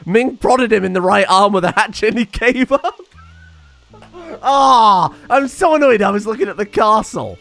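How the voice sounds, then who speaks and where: A young man giving excitable, sarcastic let's-play commentary and laughing often. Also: high-pitched, moderate pace, vocal fry, soft background music. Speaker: gaming channel host.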